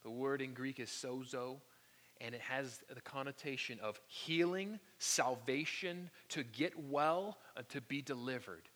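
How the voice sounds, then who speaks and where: A man preaching a sermon, telling stories with animated energy and dropping to soft whispers for emphasis. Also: mid-range voice, unhurried. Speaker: pastor. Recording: long echo of a large hall.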